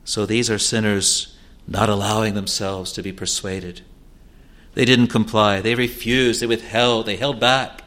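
A male preacher delivering a sermon at a slow, deliberate pace. He pleads earnestly, rising to loud urging and dropping to hushed, low asides. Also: steady tone.

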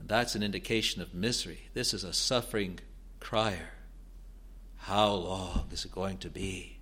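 A man preaching an expository sermon in a deliberate, earnest way, building to emphatic rises. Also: low voice, steady tone, a bit bright, husky.

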